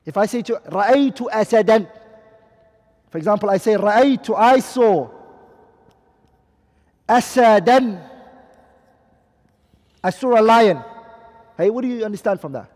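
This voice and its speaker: A man's voice: sits high, animated, unhurried, long pauses, darkish tone. A man teaching a class, who keeps asking his students questions and repeats each Arabic term with its English meaning. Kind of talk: classroom lecture. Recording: long hall reverb.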